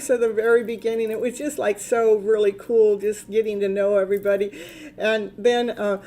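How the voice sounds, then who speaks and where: A woman's voice: mid-range voice, flat delivery, normal speed, warm tone. A woman, a tarot reader hosting a live stream in casual, rambling chat, laughing often.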